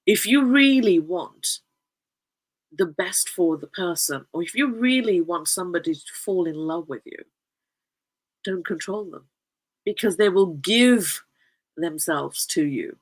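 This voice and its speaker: A woman's voice: on the low side, lively intonation, a little slow, low-quality recording. A woman telling stories in a casual, effusive way, often breaking into giggles and repeating phrases for emphasis. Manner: warm, effusive, emphatic repetition. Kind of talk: casual anecdotal storytelling.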